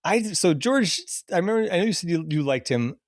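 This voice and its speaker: A man's voice: a little high, fairly quick, dry recording. Laid-back male podcast host, dry mic. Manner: relaxed, laughs often, reads cast list. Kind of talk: casual chat.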